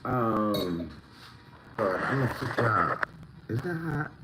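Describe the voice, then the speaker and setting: A man's voice: on the low side, big pitch swings, slow, very noisy. A man chatting casually on a home livestream, rambling and greeting viewers by name. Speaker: livestream host. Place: at home, indoors.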